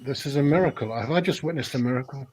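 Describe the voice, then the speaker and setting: This is an English man with a mid-pitched voice, talking as a guest in a casual stream chat. He is hesitant and dry, and he often lets his sentences trail off into quiet. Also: fast talker, slight background noise.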